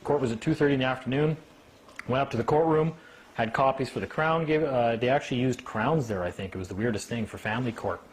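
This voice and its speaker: A man giving an informal talk to a small group, animated, acting out the people he quotes and often asking "right?". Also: mid-range voice, fast. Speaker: speaker at a meeting.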